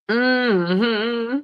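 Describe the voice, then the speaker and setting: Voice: medium pitch, fairly bright tone, smooth, no room sound, clean studio sound. A channel host giving a blunt, profane gossip commentary, repeating points for emphasis and laughing mockingly.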